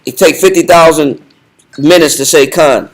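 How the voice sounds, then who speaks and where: High-voiced man leading Bible study. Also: normal speed, a little hiss or hum. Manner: commanding, directs the reader, repeats points.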